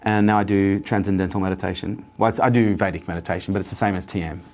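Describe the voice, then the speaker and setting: Telling stories earnestly with plenty of repetition, this interview guest talks fast in a deep, darkish voice with a steady tone. The conversation is motivational.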